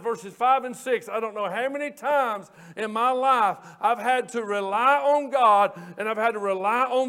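A man with a strikingly high voice preaches a fervent sermon. He builds his points through repetition and often lifts into hollering. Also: fairly bright tone, clean tone. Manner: repeats and restarts phrases for emphasis.

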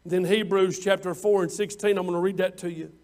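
A high-voiced man preaching a sermon. He leans hard on his words, slowing down and swelling in volume whenever he quotes scripture. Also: fairly even intonation. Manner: preaching with drawn-out emphatic lines, rising louder on scripture quotes. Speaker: pastor.

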